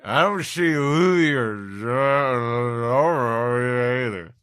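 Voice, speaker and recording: A man voicing a drunk, boastful young male pirate sniper, loud and slurred. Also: medium pitch, very slow, clear, resonant tone, no room sound, studio quality, voice pushed up. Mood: drunk, rowdy.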